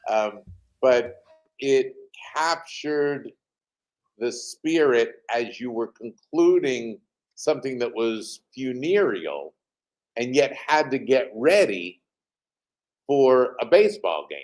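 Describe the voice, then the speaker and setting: A man, a team president, telling animated anecdotes as an interview guest, pausing often with fillers over a remote call. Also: medium pitch. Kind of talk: interview storytelling.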